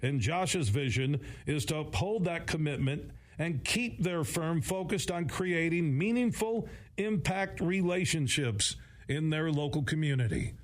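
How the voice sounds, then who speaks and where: Measured male radio ad announcer. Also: fairly high pitch. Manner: steady, measured announcer read. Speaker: radio ad reader. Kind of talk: read radio advertisement.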